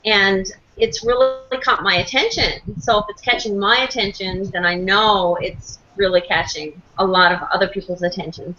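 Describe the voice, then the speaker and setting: A woman with a bright, forceful voice talks on a group call, rambling between thoughts. She leans on "you know" and "like" as she goes. The call audio is dull, with a faint hiss. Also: fairly low pitch. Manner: chatty, rambling, many fillers.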